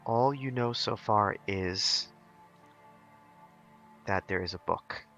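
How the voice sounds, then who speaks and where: A man running a tabletop horror game, explaining things to players in a relaxed, casual way. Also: lowish voice, takes it slowly, lo-fi sound, soft background music. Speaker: game master.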